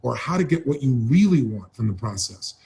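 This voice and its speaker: A man's voice: mid-range voice, sing-song, a little fast, vocal fry, darkish tone. A man giving a motivational seminar talk, speaking emphatically and dramatically, repeating phrases for effect. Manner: dramatic, acts out voices of people he describes.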